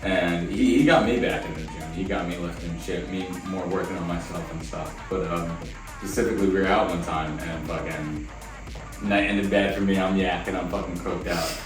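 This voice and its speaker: A man's voice: sits low, fairly even intonation, normal speed. A man telling a story on a podcast in a laid-back, rambling way, with lots of swearing. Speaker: podcast co-host. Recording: echoey room, mic far off, faint music.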